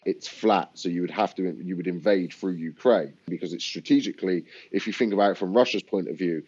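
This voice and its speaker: A man's voice: deep voice, brisk, a little mellow, husky. A young man talking bluntly and irreverently as a podcast guest, swearing often. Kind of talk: casual chat. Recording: dull, muffled sound.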